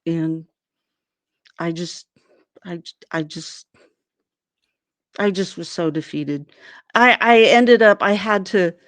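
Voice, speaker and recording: An Arizona woman being interviewed tells a personal story slowly, with long pauses, in a lowish voice. She animatedly acts out what others said, raising her voice for them, and the recording has no room sound.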